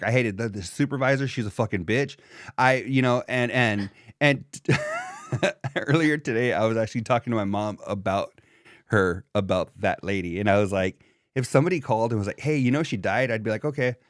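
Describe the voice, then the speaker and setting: A man co-hosting a podcast in animated, profane casual chat, calling his friend "dog". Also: mid-range voice, moderate pace, no echo, studio quality. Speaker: podcast co-host.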